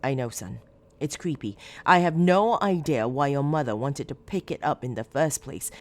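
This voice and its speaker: A woman's voice: rumbling low, animated, moderate pace, dry recording. A woman voicing a reserved grieving father. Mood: weary. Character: grieving middle-aged father, reserved and guarded.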